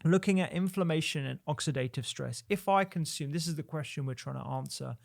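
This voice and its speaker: A man, a doctor hosting his show, talks through nutrition research in a measured way, often restarting and repeating words. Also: on the high side, vocal fry. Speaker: doctor and podcast host. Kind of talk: solo explainer reviewing research.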